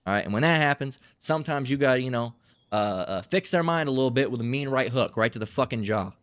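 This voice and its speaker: A man's voice: mid-range voice, lively intonation, quick pace, fairly bright tone, clean tone, no room sound. A man preaching in a blunt, profane, emphatic style, repeating himself and acting out quarrels.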